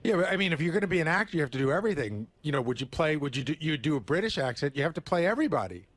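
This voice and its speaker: A man on a radio show arguing his point in quick bursts. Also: on the high side, big pitch swings, fairly bright tone, no echo. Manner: fast, arguing. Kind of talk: casual radio banter.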